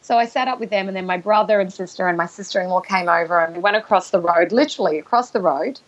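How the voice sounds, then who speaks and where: A woman guest telling a personal story in conversation, halting and emotional, with restarts and throat-clearing. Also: fairly low pitch. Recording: dull lo-fi recording.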